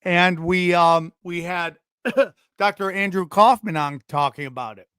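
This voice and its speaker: A man's voice: sits high, fairly even intonation, measured pace, pushed and bright, clear, resonant tone, no echo, studio quality. A man hosting a casual podcast, joking and teasing his co-host bluntly.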